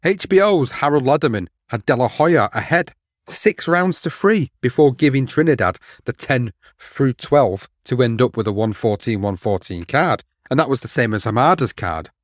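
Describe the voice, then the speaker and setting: A man's voice: medium pitch, lively intonation, moderate pace, dry recording, clean studio sound. A man hosting a boxing history show, telling the story steadily and reading out quotes. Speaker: podcast host.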